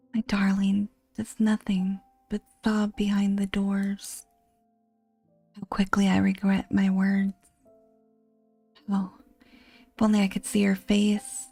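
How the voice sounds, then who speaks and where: Slow whispered role-play, woman, gravelly dark voice, dry close sound. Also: medium pitch, no echo. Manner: slow, hushed, breathy horror whisper. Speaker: game narrator.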